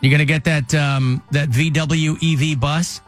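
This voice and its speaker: A man's voice: a little high, fairly even intonation, a little slow, soft background music. A man hosting a talk radio show, chatting casually with a wry, joking manner and rambling asides.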